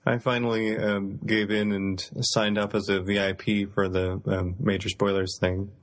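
A man chatting on an online podcast call speaks in a measured, unhurried way and fills his pauses with ums and uhs. His voice sits low for a man. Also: level tone. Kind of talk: casual chat.

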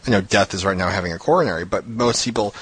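A man chatting casually on a fan discussion podcast, joking with wry asides and a slightly husky voice. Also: fairly low pitch, fast talker, fairly bright tone, no room sound. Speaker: podcast co-host.

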